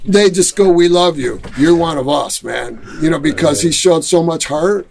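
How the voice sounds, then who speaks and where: A man with a Detroit accent telling a lively story in a casual interview, acting out other people's quotes. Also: on the high side, moderate pace, creaky, a crowd in the background. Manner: animated storyteller who acts out quotes. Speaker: musician and studio owner, guest.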